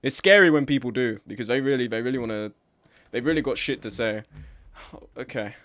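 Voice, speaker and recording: A man's voice: mid-range voice, brisk, fairly bright tone, slight background noise. A man live-streaming a game, chatting casually with his chat in a sweary, self-deprecating way.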